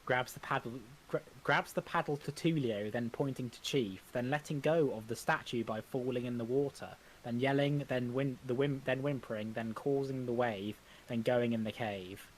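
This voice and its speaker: At medium pitch and with slight background noise, a man reads a script's stage directions in a plain, everyday voice. His reading halts, stumbling and restarting frequently.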